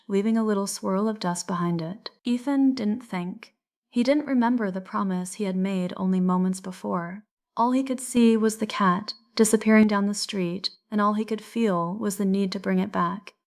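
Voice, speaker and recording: A woman narrating a story slowly and clearly for English learners, with expressive delivery. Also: mid-range voice.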